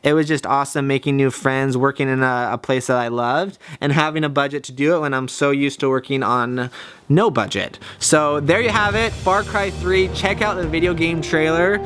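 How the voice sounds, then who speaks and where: A man's voice: fairly high pitch, steady tone, moderate pace, fairly bright tone, clear, resonant tone. A filmmaker hosting his channel, upbeat and stoked as he wraps up the video. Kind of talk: vlog sign-off.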